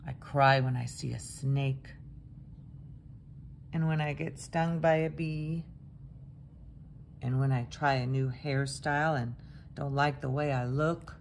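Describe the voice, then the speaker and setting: A woman voicing a gentle old horse in a storybook reading, speaking slowly and calmly. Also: rumbling low, creaky, slight background noise, heavily acted.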